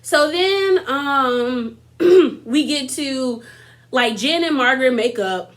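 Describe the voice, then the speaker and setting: A woman's voice: high-pitched, lively intonation, slow, a bit bright. A young woman in her twenties giving a chatty, slangy recap of a reality show, talking straight to viewers and mocking cast members' lines in put-on voices. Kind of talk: casual episode recap commentary.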